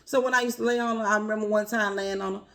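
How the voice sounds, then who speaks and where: A woman speaking earnestly and personally to her viewers, calling them y'all and family, with a quiet, emotional edge. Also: mid-range voice, steady tone, very fast. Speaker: vlogger. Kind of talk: heartfelt personal talk to camera.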